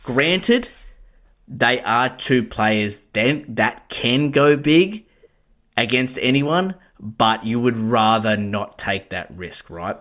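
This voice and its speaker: A man co-hosting a casual sports podcast, animated and sweary, piling on mock-dramatic exaggeration. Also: mid-range voice, takes it slowly. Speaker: podcast co-host.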